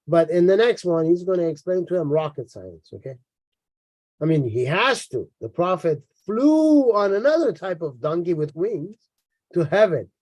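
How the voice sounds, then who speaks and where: High-pitched, sarcastic male commentator. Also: a little mellow, no echo. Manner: mocking and sarcastic, with frequent repeats and asides. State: tired. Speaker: religious critic reading and commenting on a book. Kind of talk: sarcastic lecture-style commentary.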